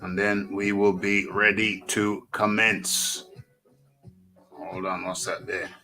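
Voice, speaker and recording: A man's voice: low-pitched, flat delivery, takes it slowly, gravelly, sharp tone, soft background music, rough recording. A man with a northern English accent hosting a boxing livestream, chatting casually to himself and repeating phrases as he adjusts his setup. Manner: repeats phrases, talks to himself while fiddling with settings. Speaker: host of a boxing talk livestream.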